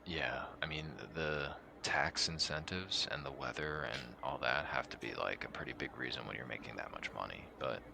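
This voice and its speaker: A man's voice: a bass voice, moderate pace, vocal fry, hardly any pauses, noisy background. A man co-hosting a sports podcast, chatting casually and animatedly. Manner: animated, breaks into laughter, loud voice impressions. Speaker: podcast co-host.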